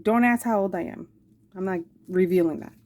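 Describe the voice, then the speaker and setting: Fairly quick and a little mellow, a medium-pitched woman in her forties chats about her craft supplies as she shows them off. It's a casual, affectionate show-and-tell from a craft channel host, complete with rambling asides.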